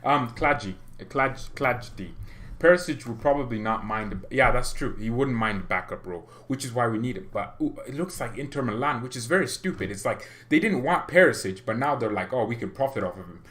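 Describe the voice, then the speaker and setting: A man hosting a football fan livestream, talking in a rambling, excitable way with lots of restarts. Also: medium pitch, brisk. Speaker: fan channel host.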